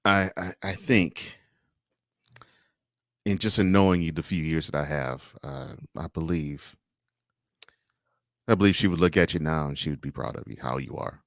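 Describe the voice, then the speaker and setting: A man hosting an interview who speaks calmly and reflectively, offering support to his guest. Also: very deep voice, normal speed, vocal fry, pauses often, no room sound, studio quality. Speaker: interview host. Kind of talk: interview conversation.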